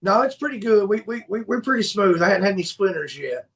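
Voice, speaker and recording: A man's voice: high-pitched, sing-song, fast talker, vocal fry, a bit bright. A man co-hosting a radio show, chatting in an easygoing, agreeable way. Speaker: radio co-host. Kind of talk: casual chat.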